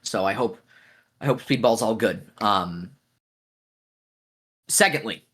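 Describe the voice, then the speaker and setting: A man co-hosting a podcast, talking in a blunt, animated way and swearing freely in casual chat. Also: lowish voice, slow, husky. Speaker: podcast co-host.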